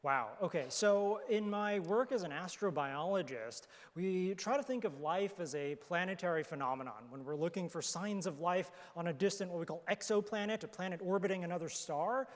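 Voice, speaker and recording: Panelist, male, high-pitched, thoughtful explainer; recorded in a reverberant hall. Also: normal speed, few pauses. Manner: thoughtful, explanatory, with fillers and restarts. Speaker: astrobiologist panelist. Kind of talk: panel discussion answers. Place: conference hall. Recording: hall reverb from a conference stage.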